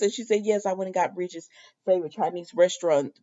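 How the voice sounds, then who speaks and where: A woman's voice: lowish voice, fast talker, warm tone, highs cut off. A woman in casual chat, reviewing a soap opera episode, talking loosely with many fillers and quoting the characters herself. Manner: chatty, many fillers, quotes characters in her own voice.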